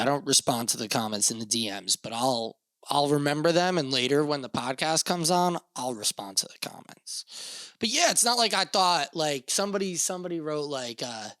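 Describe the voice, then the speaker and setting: A man's voice: mid-range voice, normal speed, a bit bright, no echo. A young man hosting a solo podcast, rambling casually with lots of fillers and swearing. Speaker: podcast host.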